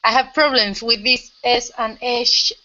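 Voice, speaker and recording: A woman's voice: on the high side, fairly even intonation, measured pace, bright, forceful tone. A woman practicing in an online lesson, speaking hesitantly. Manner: hesitant, laughs at her own mistakes. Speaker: language student. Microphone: video call. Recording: dull lo-fi video call audio.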